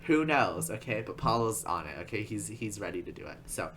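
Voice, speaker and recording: A man's voice: lowish voice, lively intonation, brisk, fairly bright tone, slight background noise. A man narrating a casual video essay in a rambling, chatty way, full of asides.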